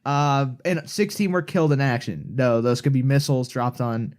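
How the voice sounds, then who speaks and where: A man's voice: mid-range voice, normal speed, a little mellow. A man co-hosting a casual podcast, talking in a rambling, opinionated way full of restarts and asides. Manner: rambling, self-correcting, opinionated. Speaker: co-host.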